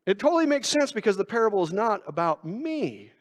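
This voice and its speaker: High-voiced preacher in a reverberant church. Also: male voice, very animated, brisk. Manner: conversational, self-mocking preaching with rhetorical questions. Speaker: pastor. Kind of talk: sermon. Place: church sanctuary.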